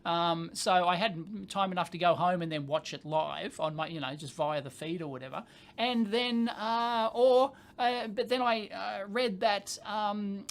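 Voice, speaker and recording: A man telling a story on a casual livestream. He rambles with lots of fillers and casual swearing. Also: high voice. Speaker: channel host.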